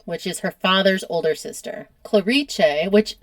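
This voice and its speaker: An American woman hosts a casual history podcast, telling the story in a chatty, easygoing way. She laughs often as she talks. Her voice has an average pitch and sounds dry and close to the mic. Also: a little slow, no room sound. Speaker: podcast host.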